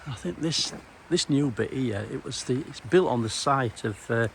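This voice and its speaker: Gravelly man narrating a town walk. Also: medium pitch, animated, normal speed, a little hiss or hum. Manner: meandering, anecdotal, dry humour. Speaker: former police officer giving a walking tour. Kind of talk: casual walking-tour narration. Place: outdoors in a small town.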